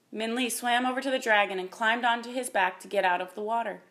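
Woman calmly reading a storybook. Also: fairly high pitch, fast. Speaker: reader.

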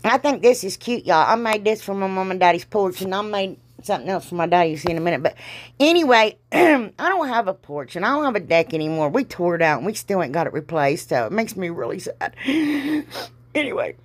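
A woman's voice: medium pitch, very animated, fairly quick. A middle-aged woman with a Southern drawl talks through a crafting tutorial in a loose, rambling, casual way. Her voice sounds a little congested from allergies, and she scatters folksy exclamations and self-deprecating jokes as she goes. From Ohio, US. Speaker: crafting vlogger.

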